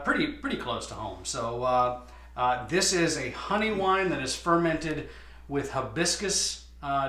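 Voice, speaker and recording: A winemaker explaining his wines in a casual tasting chat, often pausing with "uh". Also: medium pitch, bright, forceful tone. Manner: explanatory, many "uh" fillers. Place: winery. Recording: echoey room.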